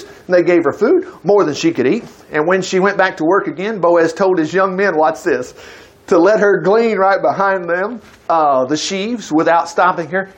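A man reading a scripture story aloud to a group, stopping often to comment with enthusiastic asides and exclamations. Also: high voice. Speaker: Bible teacher.

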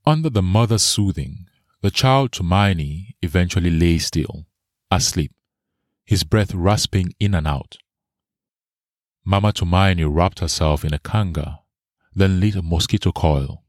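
A man narrating a story in a slow, measured way. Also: deep voice, darkish tone, no room sound, clean studio sound. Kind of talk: scripted narration.

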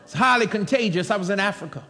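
An American man preaching a sermon with emphatic delivery that breaks into shouts and laughter. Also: high-pitched, fast talker, long reverb tail. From United States.

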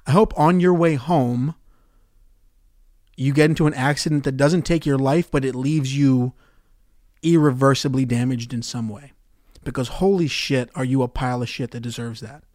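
A young man hosting a solo podcast, swearing and ranting sarcastically about his movie theater job, going from loud outbursts to quiet mutters. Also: mid-range voice, normal speed, no room sound, clean studio sound. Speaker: podcast host.

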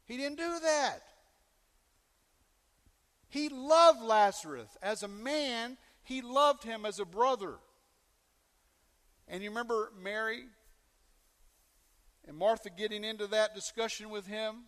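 High, bright-voiced preaching man. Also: slow, pauses often, in a large hall. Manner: animated preaching, asks the congregation questions. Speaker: pastor. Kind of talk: sermon.

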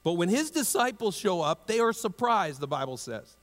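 A male pastor delivers his sermon in a conversational, preacherly style, with a voice that sits a little on the high side. He pushes up for emphasis, then sinks low and quiet to speak tenderly to the congregation. The sound rings with the long reverb of a large church sanctuary. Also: big pitch swings, moderate pace.

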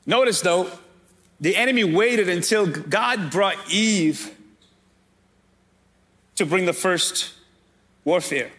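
A man's voice: sits high, expressive, slow, long pauses, fairly bright tone. A man preaching a sermon as pastor, calling out directly to his congregation.

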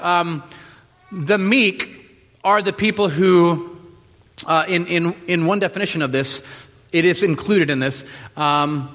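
A man preaching a sermon in a relaxed, joking way, with many fillers and restarts. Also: fairly high pitch. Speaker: pastor. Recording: reverberant hall.

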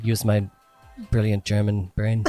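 Cheeky deadpan man, faint music behind. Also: lowish voice, unhurried. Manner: cheeky, deadpan, bossy teasing. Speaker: guest comedian. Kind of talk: comic banter in a German party persona.

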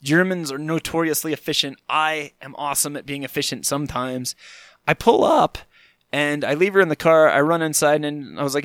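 A man's voice: mid-range voice, steady tone, normal speed, fairly bright tone, no echo. Man, thirties, podcast host, comic monologue, self-deprecating, exaggerated quote voices, dry close sound.

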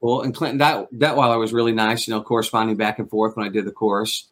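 Speaking quickly in a lowish voice with little pitch movement, a middle-aged man rambles through anecdotes and acts out the quotes. He's a guest ventriloquist and magician in a casual interview.

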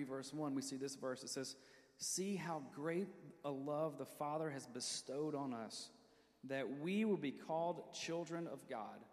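A man preaching a sermon who leads the congregation in call-and-response, tells stories from his own life, and slows down to read scripture. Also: mid-range voice, a little mellow. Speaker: pastor. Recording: long reverb of a church hall.

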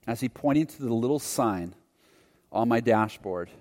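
A man's voice: mid-range voice, expressive, moderate pace, a little mellow. A male preacher recounts a personal testimony in an earnest, reflective way. His voice sits in the middle of the male range. The sound carries a long reverb, like a big sanctuary. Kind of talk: sermon testimony storytelling.

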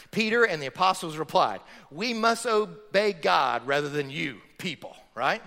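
A man preaching from the pulpit with a high, bright, forceful voice that leaps up and down as he acts out voices for his points. The sound carries a long reverb from the church sanctuary. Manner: animated preaching, acts out quotes. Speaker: pastor. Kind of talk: sermon.

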